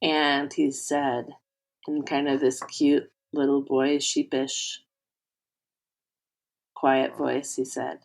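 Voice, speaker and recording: A woman's voice: a bass voice, level tone, takes it slowly, long pauses. A woman co-hosting a podcast, chatting casually and rambling with many fillers. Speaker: podcast co-host. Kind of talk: casual chat.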